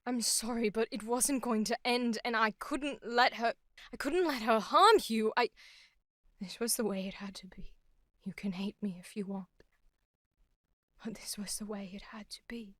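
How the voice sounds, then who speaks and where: A woman voicing a solemn female deity protector, speaking low and remorsefully, sinking to a whisper. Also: a little slow, no room sound, clean studio sound. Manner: low, quiet, remorseful delivery fading to a whisper.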